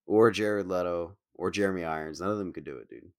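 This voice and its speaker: A man with a very deep voice picks apart a film in relaxed podcast chat. He sounds blunt, critical and loose with his swearing. The recording is dry and close, with no room echo. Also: a little fast. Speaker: podcast co-host. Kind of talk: casual film discussion.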